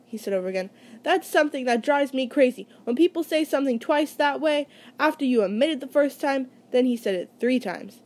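A woman's voice: high-pitched, expressive, brisk, darkish tone. A woman reading a first-person novel aloud in a casual, conversational way, with small slips and restarts. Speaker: reader.

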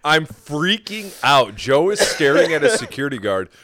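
A man's voice: a little high, big pitch swings, moderate pace, fairly bright tone. A man co-hosting a casual podcast who keeps cutting in to correct and dramatize the retelling. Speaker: podcast co-host. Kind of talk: casual storytelling chat.

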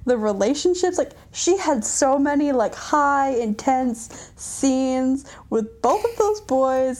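A young woman with a slightly high voice gushes about books on a casual podcast. She co-hosts and talks with lots of fillers, sounding excited throughout. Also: takes it slowly, few pauses. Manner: gushing, enthusiastic, lots of fillers. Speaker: podcast co-host.

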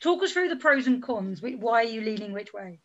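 A woman hosting a casual film podcast, her voice high and chatty. She is bubbly and teases herself as she signs off. The recording sounds slightly dull. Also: expressive, fairly quick, a bit bright. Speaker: podcast host. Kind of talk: casual podcast chat and sign-off.

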